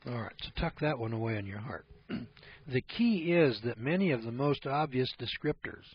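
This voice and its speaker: Husky man giving a folksy talk. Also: mid-range voice, expressive, normal speed. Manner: folksy and rambling, with rhetorical questions. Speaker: speaker on privacy. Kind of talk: informal lecture. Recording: dull lo-fi recording.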